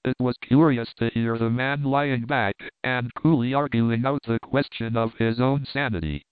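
A man giving a measured, even narration of a classic story. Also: mid-range voice, clean tone, no room sound. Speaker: audiobook narrator. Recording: narrow phone-like band, dry.

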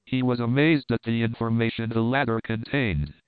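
A man reading an adventure novel aloud in steady, measured narration. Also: medium pitch, no room sound. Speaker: audiobook narrator. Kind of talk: scripted narration. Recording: crisp, dry, phone-like narrow sound.

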